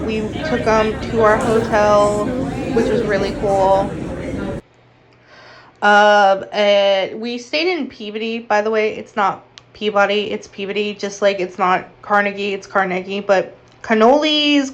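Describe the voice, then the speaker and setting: A woman's voice: a little high, a little hiss or hum. A woman narrating a casual travel vlog in a chatty, upbeat way with playful asides. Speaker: vlogger.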